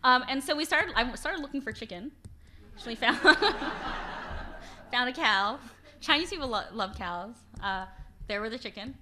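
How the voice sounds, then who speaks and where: A woman author giving an informal lecture with slides, chatty and animated, laughing often and restarting her sentences. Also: a little high, unhurried, pauses often, background noise. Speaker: author giving a book talk. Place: library event hall.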